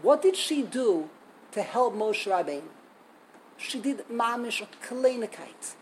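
A woman giving a storytelling Torah lesson, animated, acting out quotes and laughing as she tells it. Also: a little high, measured pace, a little hiss or hum, rough recording. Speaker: Torah teacher.

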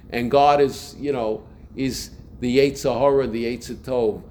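A man's voice: medium pitch, fairly even intonation, normal speed, few pauses, darkish tone, slight background noise. Earnest male rabbi teaching a class. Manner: earnest, explanatory, quotes inner thoughts. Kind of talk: Torah lesson.

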